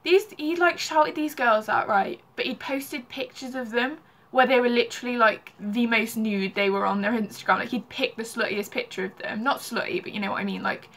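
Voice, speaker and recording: Young woman, casual vlog storyteller, slightly high, bright voice, says "like" a lot. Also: normal speed. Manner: chatty, heavy use of "like". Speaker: vlogger.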